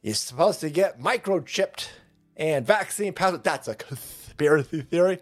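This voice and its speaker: A man's voice: on the high side, expressive, moderate pace, faint music behind. A man with a sarcastic, mocking, profane delivery, hosting a ranting commentary show. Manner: sarcastic, mocking, puts on voices of opponents. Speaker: political commentary host.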